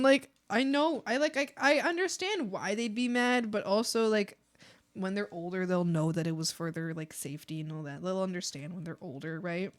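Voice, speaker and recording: Young woman streaming art, chatty and giggly, mid-pitched voice, lots of ums. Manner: rambling, giggly, lots of fillers. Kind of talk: casual chat with stream viewers.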